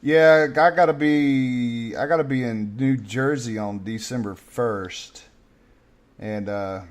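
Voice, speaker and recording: A Southern US man with a loud, drawling voice hosts a rowdy podcast talk, swearing freely and breaking into laughter as he spins his stories. His pitch sits in an ordinary middle range. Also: slow. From North Carolina. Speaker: host. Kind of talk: casual profane podcast banter.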